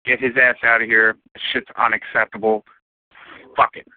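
Angry cursing fan on a phone line. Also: male voice, medium pitch, flat delivery, normal speed, no echo. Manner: angry, profane. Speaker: caller. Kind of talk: voicemail rant.

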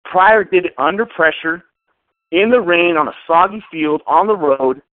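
A man's voice: high voice, normal speed, no echo. A man calling in to a show, ranting sarcastically and emphatically as a sports fan. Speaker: caller. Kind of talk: fan call-in rant. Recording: tinny phone line.

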